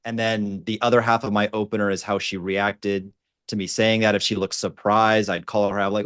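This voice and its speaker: A man's voice: on the low side, brisk, fairly bright tone, smooth, dry recording, clean studio sound. A man, a dating coach on a panel, talking in a light, playful way. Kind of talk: panel discussion.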